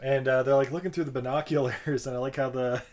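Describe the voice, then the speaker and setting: A man's voice: mid-range voice, steady tone, quick pace, a little mellow. A man co-hosting a podcast, recapping a movie in casual chat, rambling and swearing with jokes. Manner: rambling, profane, joking. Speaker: podcast co-host.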